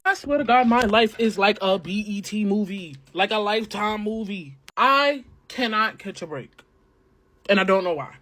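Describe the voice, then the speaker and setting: A woman's voice: medium pitch, moderate pace, fairly bright tone, a little hiss or hum. A woman telling a candid casual storytime about her relationship, chatty and slangy.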